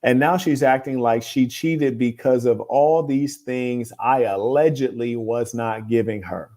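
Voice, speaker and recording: A man in the host's chair reads viewer letters aloud and comments on them in a steady, lecturing tone. His voice sits at an ordinary middle pitch. His opinions come out blunt and moralizing, yet his delivery stays calm. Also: unhurried. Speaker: host. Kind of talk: relationship advice commentary, reading viewer letters.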